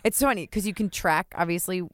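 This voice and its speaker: A woman co-hosting a podcast in casual chat, her voice sitting a little low for a woman. She tells stories with lots of "like" and quick laughs. The sound is dry and close, with no room around it. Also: no room sound. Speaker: podcast co-host.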